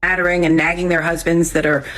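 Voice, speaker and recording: A woman's voice: on the low side, little pitch movement, fast talker, noisy background. Older woman, vlog to camera, candid and emphatic, medium voice. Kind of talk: vlog confession.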